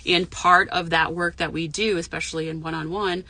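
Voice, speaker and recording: Sitting in her parked car, a spiritual medium and mentor chats casually to viewers in a live session. Her voice is fairly low, fairly even in intonation, pushed and bright, at a moderate pace, on a dry recording. She talks frankly and profanely, rambling with lots of fillers.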